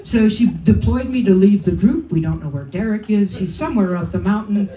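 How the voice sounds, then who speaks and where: A woman's voice: medium pitch, animated, a little fast, dark tone. A woman from California telling a funny personal story on stage, wry and self-deprecating, with profane asides and laughs from the crowd. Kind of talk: live comic storytelling. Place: comedy club stage. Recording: roomy club sound from a distant mic. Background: audience laughter and faint room ambience.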